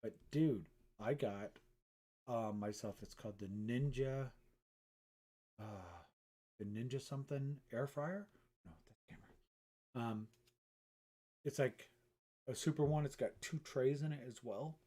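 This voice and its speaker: A man's voice: mid-range voice, a little slow, pauses often, dark tone. A middle-aged man, a painter, chatting casually on a live stream from his art studio, rambling and self-mocking and swearing freely.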